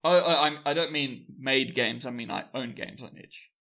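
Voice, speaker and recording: A man co-hosting a podcast, running through news in a relaxed, rambling way and laughing easily. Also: mid-range voice, normal speed. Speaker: podcast co-host. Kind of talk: casual news chat.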